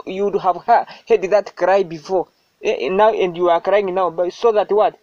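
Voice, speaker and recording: Brief: comedian, man, high voice, hectoring and accusing, faint music underneath. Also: moderate pace, a little mellow. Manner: accusing, repeatedly demanding why. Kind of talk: comedy skit.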